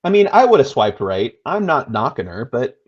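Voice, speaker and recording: A man's voice: mid-range voice, very animated, normal speed, slightly rough, highs cut off. A man co-hosting a casual movie chat, making dry, wry remarks. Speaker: co-host.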